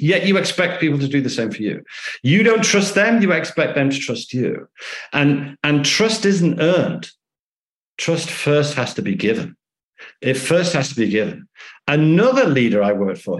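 A man being interviewed as an author, telling lively anecdotes and acting out the dialogue in them. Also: mid-range voice. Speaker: author and guest. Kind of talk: conversational storytelling interview. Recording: echoey room.

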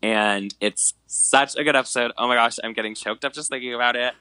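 A man's voice: mid-range voice, brisk, a little hiss or hum, low-quality recording. A man in his twenties chatting casually as a podcast co-host, telling a dramatic story with lots of fillers like "like" and "um". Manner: animated storyteller, many fillers like "like" and "um", dramatic retellings. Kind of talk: casual chat.

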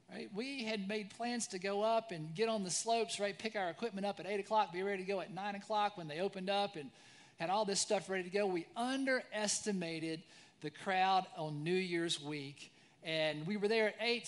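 A pastor in his forties preaches a sermon conversationally, often tacking "right?" onto his sentences. His high-sitting voice shifts between lively storytelling and soft reflection.

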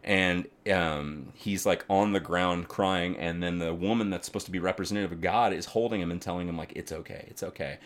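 Male podcast co-host, low voice, loose, excitable and profane, talks in long run-on stretches. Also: fairly quick, few pauses. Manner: rambling, animated, swears often, many fillers. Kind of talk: casual chat.

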